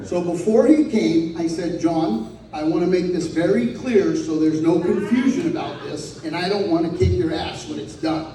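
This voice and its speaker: High-voiced man telling stories in an echoey hall. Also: normal speed, distant mic, a crowd in the background, noisy background. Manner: profane, comic storytelling with quoted voices. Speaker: eulogy speaker. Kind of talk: storytelling at a memorial. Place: hall at a celebration of life.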